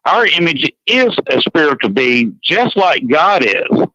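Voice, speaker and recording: On a radio show, a man from Georgia with a Southern accent chats earnestly, rambling a bit and repeating words. His voice is a little high and very animated, with a bright, forceful tone and a measured pace. The radio sound is dull and dry, with no echo.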